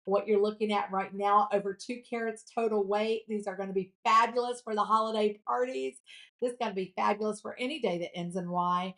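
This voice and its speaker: A woman's voice: mid-range voice, fairly even intonation, a little fast, fairly bright tone. A woman, hosting a live shopping show, chatty and gushing as she reads viewer comments aloud. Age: 50s.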